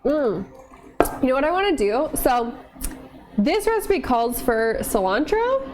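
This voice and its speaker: A woman's voice: sits high, sing-song, measured pace, pauses often, background noise. A woman chatting casually with viewers while cooking in her home kitchen, laughing often and cooing at her dog. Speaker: streamer cooking on camera.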